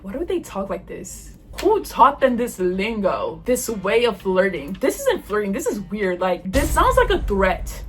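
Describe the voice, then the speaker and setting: A young woman vlogger reacting to texts out loud, exasperated and swearing often. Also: medium pitch, very animated, a little slow, few pauses, slight background noise. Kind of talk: reaction commentary reading texts.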